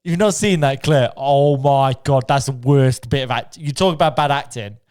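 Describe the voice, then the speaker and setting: A man co-hosting a casual podcast, teasing his friends with slang and quick laughs. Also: mid-range voice, darkish tone. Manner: teasing, slangy, laughs often, quotes others in stories. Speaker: podcast co-host. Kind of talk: casual pub-style banter.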